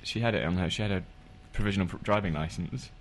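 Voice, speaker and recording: A man telling an improvised comedy story with dry, deadpan quips as a podcast co-host. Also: sits low, quick pace, slight background noise.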